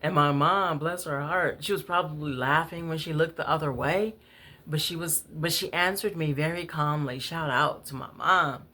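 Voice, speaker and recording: A woman who is a writer and poet, telling candid personal stories in a casual, unhurried way with many fillers and laughs. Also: low-pitched, sharp tone. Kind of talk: casual storytelling vlog.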